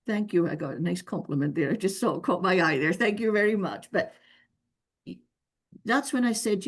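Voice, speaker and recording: A woman's voice: on the low side, gravelly, darkish tone, breathy edge. A woman with a noticeable accent, giving earnest, emphatic visa advice in a webinar Q&A over a video call. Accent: non-local accent. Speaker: visa expert answering questions.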